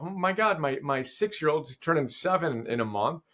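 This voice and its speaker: A middle-aged man as a podcast guest in casual conversation, animated and enthusiastic, often quoting sayings. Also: a little high, a little fast.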